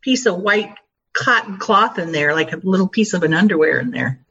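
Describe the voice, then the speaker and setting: A woman chatting casually with friends, teasing them and tossing in quick questions. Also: fairly low pitch, expressive, a bit bright, breathy edge, highs cut off. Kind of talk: casual chat among friends.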